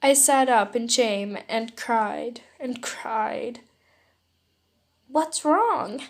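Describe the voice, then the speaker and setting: A woman reads a listener-insert fan story aloud, soft and emotional in her telling. Her voice sits fairly high and she takes her time, moving at a slow, unhurried pace. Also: steady tone. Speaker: fanfiction reader. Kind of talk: second-person fan story narration.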